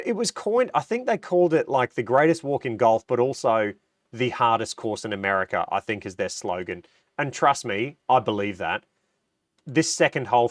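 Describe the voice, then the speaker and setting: A man's voice: mid-range voice, no echo, clean studio sound. A man hosting a casual livestream. He has a cold, so his voice sounds nasal, and he chats with enthusiasm and answers viewer comments. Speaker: livestream host.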